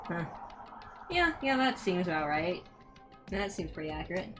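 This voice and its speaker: A woman's voice: lowish voice, very animated, normal speed. A woman giving casual gameplay commentary in a rambling, scattered way, swearing freely. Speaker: let's play gamer. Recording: game music behind.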